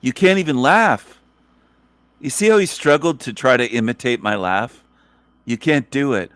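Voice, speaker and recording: A man's voice: mid-range voice, expressive, moderate pace, fairly bright tone, clean tone, no echo. A man hosting a ranting commentary, scornful and insulting, repeating his phrases over and over. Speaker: channel host reacting to a clip.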